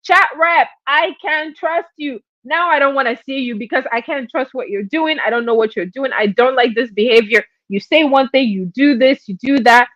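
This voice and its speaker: A woman's voice: high-pitched, normal speed, hardly any pauses, a bit bright, highs cut off. A woman voicing a distrustful man who scolds someone repeatedly. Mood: scolding.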